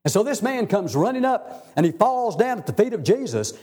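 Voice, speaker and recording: A man's voice: big pitch swings, fairly quick, a little mellow, husky. A man preaching a sermon, telling Bible stories in a folksy way. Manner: folksy storytelling preacher, swinging pitch for emphasis.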